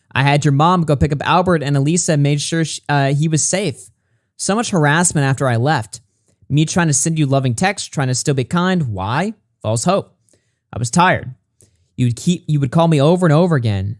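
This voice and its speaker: A man reading a written statement aloud in a measured way, with occasional stumbles and brief asides. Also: on the high side, a little mellow, no room sound, studio quality. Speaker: commentary YouTuber.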